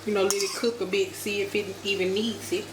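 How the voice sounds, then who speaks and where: A woman's voice: mid-range voice, little pitch movement, brisk. An American woman chatting casually to her viewers as she cooks at home, often calling them y'all. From United States. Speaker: cooking vlogger. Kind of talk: casual cooking vlog. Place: home kitchen. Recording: echoey kitchen with background noise.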